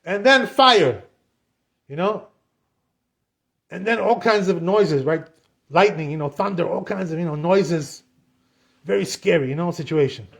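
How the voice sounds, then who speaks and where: Rabbi, man, high-pitched; lively storyteller who acts out the dialogue. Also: measured pace, creaky, pauses often. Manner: animated retelling, acts out dialogue, frequent "you know". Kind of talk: storytelling Torah class.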